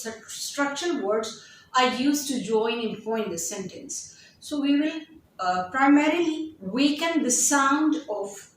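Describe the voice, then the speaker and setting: A woman teaching an English lesson, repeating example sentences slowly and often restarting. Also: fairly high pitch, a little hiss or hum. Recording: very echoey room, distant from mic.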